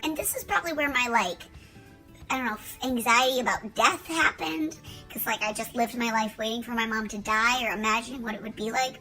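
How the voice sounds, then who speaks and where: A woman in her thirties talks straight to camera in a vlog, rambling from one joke to the next. Her voice is bright and fairly high, and she swears casually as she goes. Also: rough recording. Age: 30s. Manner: rambling, jokey, profane. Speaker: vlogger.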